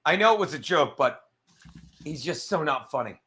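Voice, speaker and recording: High, bright-voiced man ranting. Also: moderate pace, a little hiss or hum. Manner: mocking, crude, animated. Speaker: show host. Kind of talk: profane sports rant.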